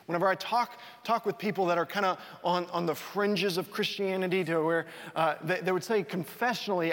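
A man preaching a sermon as a pastor, in a conversational way, often restarting and repeating words and dropping to a soft voice for emphasis. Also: sits high, fairly even intonation, fairly quick, few pauses. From North Texas. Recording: reverberant hall.

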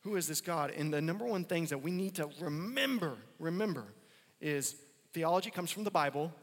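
A man's voice: fairly high pitch, expressive, brisk, big-room sound. A man preaching a sermon as a pastor, casual and conversational, repeating phrases for emphasis.

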